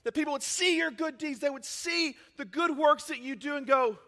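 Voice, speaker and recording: High bright voice on a guy preaching, energetic pastor, acts out bits of the story. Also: moderate pace. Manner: energetic, acts out Bible scenes in character voices. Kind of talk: sermon.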